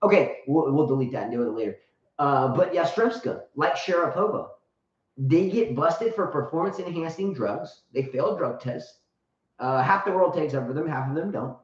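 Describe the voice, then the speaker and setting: A man's voice: a little high, lively intonation, moderate pace. Rambling, crude man. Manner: rambling, joking, crude and blunt. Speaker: show host and tennis coach. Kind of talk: casual live chat show. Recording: roomy, distant, dull sound.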